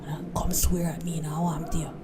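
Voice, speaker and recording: Low Jamaican cartoon shrew, jealous and bossy, voiced by a woman; noisy recording. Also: flat delivery, fairly quick, natural voice. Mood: jealous scolding. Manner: scolding, bossy patois. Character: jealous tough older Jamaican woman, sharp-tongued.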